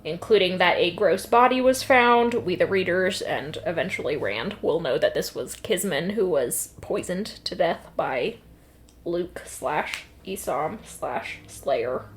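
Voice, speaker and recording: A woman co-hosting a casual book podcast, recapping chapters in an animated, jokey way. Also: on the low side, unhurried. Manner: lively recapping with laughs and silly voices. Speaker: podcast co-host. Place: apartment room with landscaping outside. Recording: faint yard noise outside.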